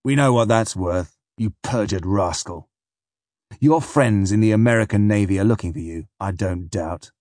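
A man voicing a gruff, menacing middle-aged sea captain who growls and sneers. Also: on the low side, normal speed, darkish tone, no room sound, studio quality, close to an everyday voice. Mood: sneering.

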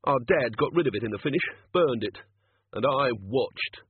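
A man's voice: medium pitch, lively intonation, moderate pace, breathy edge, pitched above the performer's own voice. A man reading aloud, voicing a jumpy, terrified man with a shaky, quavering voice, over a phone-like line. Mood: haunted. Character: terrified jumpy man, haunted by childhood fears. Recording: phone-like lo-fi recording.

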